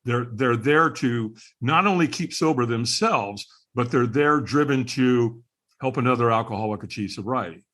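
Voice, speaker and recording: A man's voice: medium pitch, moderate pace, a bit bright. A middle-aged man, a podcast guest, candidly telling his personal story in conversation, earnest and chuckling now and then.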